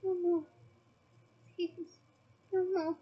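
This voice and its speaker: A woman's voice: very high voice, level tone, drawn-out words, dull audio, heavily acted. A woman voicing a tormented elderly male wizard who begs and wails, reading aloud from a book. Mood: pleading. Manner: begging, wailing, breaking into sobs.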